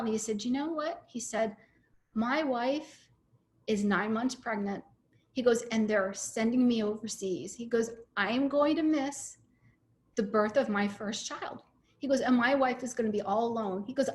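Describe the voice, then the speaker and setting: Earnest storytelling woman, slightly high voice. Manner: earnest, emotional, with frequent restarts. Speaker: retired airline captain giving a talk. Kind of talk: personal storytelling talk.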